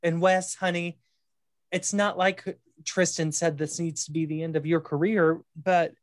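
A podcast co-host in casual chat, opinionated and animated, with many fillers like "you know" and "um". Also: mid-range voice, a little slow, no echo.

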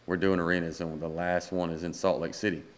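A man's voice: sits low, level tone, a little fast. A man, a guest singer-songwriter, telling a rambling story in a casual podcast chat and acting out the dialogue.

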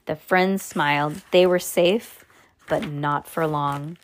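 A woman reads a children's chapter book aloud with lively, animated delivery. Her voice leaps upward on the exclamations and sound words, then settles back into the telling. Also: deep voice, takes it slowly. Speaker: storybook reader.

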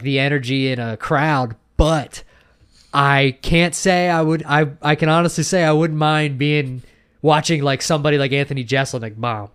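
A man's voice: a little high, fairly bright tone, clear, resonant tone. Rambling, swearing young man. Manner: rambling, swears a lot, many restarts and fillers. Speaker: podcast co-host. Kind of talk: casual chat.

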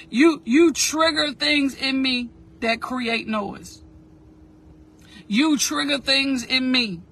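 Woman, motivational talk, bright high voice, slow repetitive preaching cadence. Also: breathy edge. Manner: addresses listeners directly and asks them to repeat. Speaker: motivational speaker.

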